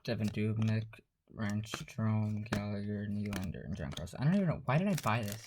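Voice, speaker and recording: A man hosting a casual card-unboxing vlog, talking quietly in a half-whisper, sarcastic and dismissive. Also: fairly low pitch, expressive, a little fast. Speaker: card-opening channel host. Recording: noisy home recording with pack crinkling.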